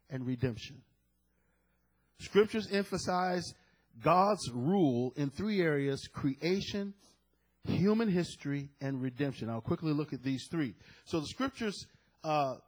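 A man's voice: on the high side, husky, rough recording. A man preaching a sermon, reading scripture and calling out to the congregation. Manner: preaching with call-and-response to the congregation. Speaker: pastor.

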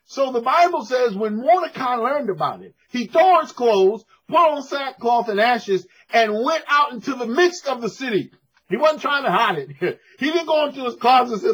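A man's voice: very high voice, animated, moderate pace, a bit bright, breathy edge, dull audio. A man preaching a sermon to a congregation in a church, emphatic and conversational, calling for responses. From United States.

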